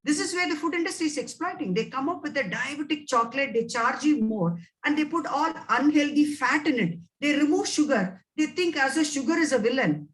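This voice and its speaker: A woman's voice: high-pitched, expressive, fairly quick, few pauses, fairly bright tone, recorded from a distance, low-quality recording. Emphatic Indian woman nutrition expert. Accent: Indian English. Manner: emphatic, advising, repeats for stress. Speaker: nutrition scientist giving a webinar talk. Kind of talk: webinar Q&A answers.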